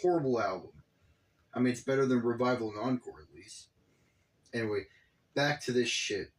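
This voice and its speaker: A man's voice: mid-range voice, normal speed. A man giving casual, profane reaction commentary on a video, exasperated and rambling.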